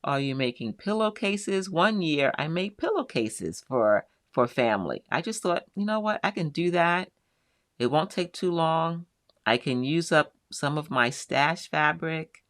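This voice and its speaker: A woman's voice: sits low, animated, measured pace, dry recording, clean studio sound. A middle-aged woman hosting a live quilting show, chatting casually as she reads out viewers' comments and answers them one by one.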